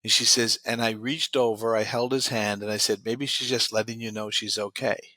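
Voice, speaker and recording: A man's voice: fairly low pitch, level tone, moderate pace, bright, forceful tone, dry recording. A man, a guest expert in an interview, telling client success stories and quoting what they said. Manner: retells client stories with many quoted lines. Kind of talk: interview storytelling.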